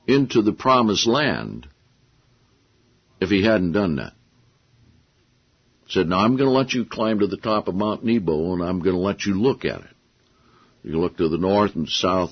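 A man preaching a sermon, telling stories with animated voices for the people he quotes. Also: on the low side, slightly rough. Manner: animated storytelling, acting out quotes. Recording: dull lo-fi sound.

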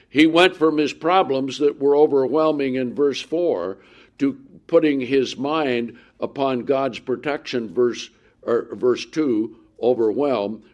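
A man preaching a sermon, reading Bible verses with rising emphasis and asking his listeners questions that he answers himself. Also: mid-range voice.

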